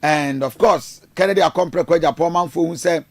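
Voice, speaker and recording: A man's voice: on the high side, brisk, creaky, no echo. A man with a Ghanaian accent giving rambling, hesitant political commentary, mixing in Twi phrases. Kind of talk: casual news commentary.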